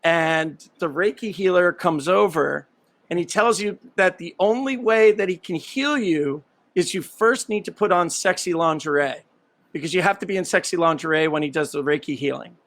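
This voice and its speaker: Man, podcast host, casual chat, playful, teasing, raspy fry. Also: a little high, moderate pace, fairly bright tone.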